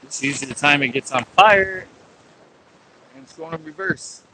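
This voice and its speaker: Chatty angler, a man with a bright, pushy voice, talking to his stream outdoors. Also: on the high side, moderate pace, a little hiss or hum, rough recording. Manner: chatty, talks to viewers and yells at sea lions. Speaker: angler livestreaming from a pier. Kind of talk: casual live-stream chat. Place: outdoors on a fishing pier by the sea.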